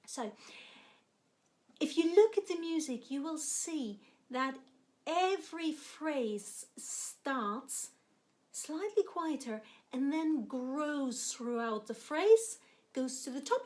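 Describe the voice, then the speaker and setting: A woman cello teacher explaining technique in a music lesson, with warm, encouraging explanations. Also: high-pitched.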